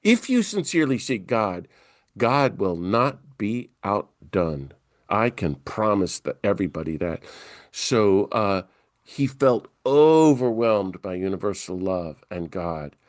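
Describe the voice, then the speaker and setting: Appearing as an interview guest, a priest tells a story conversationally, acting out the dialogue with lots of energy. He speaks slowly in a fairly low voice, with no echo in the recording.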